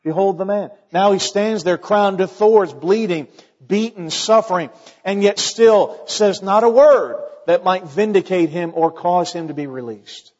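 A man preaching a sermon as pastor, building to dramatic rises and dropping to a hush when he quotes the scripture. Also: a little slow, long reverb tail, muffled recording. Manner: preaching with dramatic rises and hushed, low-voiced quotations.

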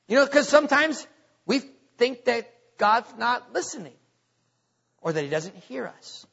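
A man preaching a sermon as pastor, asking the congregation questions and drawing out key words slowly. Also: high voice, lively intonation, bright, forceful tone. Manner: preaching with call-and-response questions. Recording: dull lo-fi audio with long reverb.

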